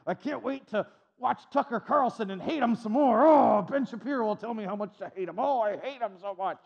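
A man's voice: high voice, a little fast, creaky, darkish tone, breathy edge, highs cut off, heavily acted. A man putting on the moaning voice of a sour, helpless churchgoer who only complains. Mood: whining. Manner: whiny, moaning sighs.

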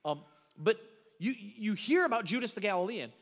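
A middle-aged man preaching a sermon as a pastor, telling stories in an animated way with frequent restarts. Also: high-pitched, moderate pace, creaky. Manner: animated storytelling with repeated restarts. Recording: long reverb of a large hall.

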